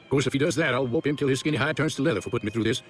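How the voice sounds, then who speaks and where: An actor playing a gruff, folksy business owner and worried father who speaks bluntly, in a game. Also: mid-range voice, rapid-fire, faint music behind, lightly acted. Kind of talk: video game voice acting.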